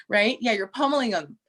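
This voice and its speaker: A middle-aged woman co-hosting a casual chat, telling stories with restarts and animated quoted voices. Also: a little high. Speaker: podcast co-host.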